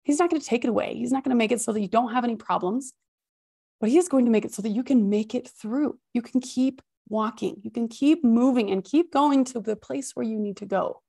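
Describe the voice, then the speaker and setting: A woman hosting a healthy-habits podcast, giving expressive, high-energy motivational advice with emphatic repetition. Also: a little fast, gravelly. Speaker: podcast host and habits coach. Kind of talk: motivational self-help talk.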